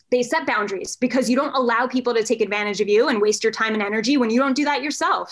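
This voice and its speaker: A woman coach speaks with a fairly high voice, talking openly and bluntly in a loose podcast chat. She swears freely and keeps a conversational, unpolished flow. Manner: candid and frequently swearing. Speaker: coach for men.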